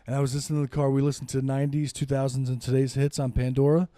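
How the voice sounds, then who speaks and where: A man's voice: medium pitch, flat delivery, rapid-fire, mellow, no room sound. A man from the United States, a comedian guest on a podcast, chatting in a profane, joking way. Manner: profane, joking, breaks into mock singing. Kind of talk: casual podcast chat. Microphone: handheld microphone.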